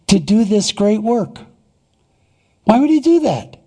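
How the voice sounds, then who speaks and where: A man preaching a sermon, reading scripture and explaining it deliberately, posing and answering short rhetorical questions. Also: sits high, big pitch swings, vocal fry, dark tone. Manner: deliberate, emphatic Bible exposition, repeating rhetorical questions.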